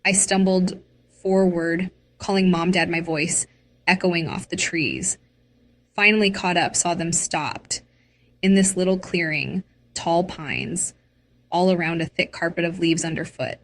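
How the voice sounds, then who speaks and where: A woman tells a dramatic, emotional first-person story slowly and deliberately. Her voice sits on the lower side. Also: steady tone. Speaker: narrator.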